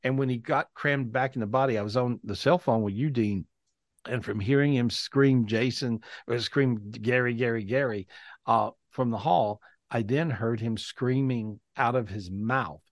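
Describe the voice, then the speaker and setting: A man's voice: mid-range voice, normal speed, no echo, clean studio sound. A man hosting a live video-call podcast, telling a story animatedly, often repeating and restarting his words. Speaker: podcast host.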